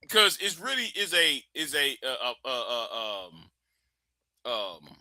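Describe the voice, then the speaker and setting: A man's voice: medium pitch, big pitch swings, slow, bright, forceful tone, no echo. A man hosting a livestream, giving a blunt, profane and emphatic commentary rant. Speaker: livestream host.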